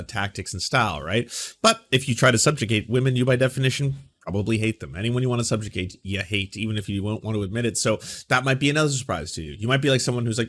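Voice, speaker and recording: A man's voice: fairly low pitch, a bit bright. A man hosting a casual reaction commentary, ranting in a profane, rambling way with frequent restarts. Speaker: YouTube commentary host.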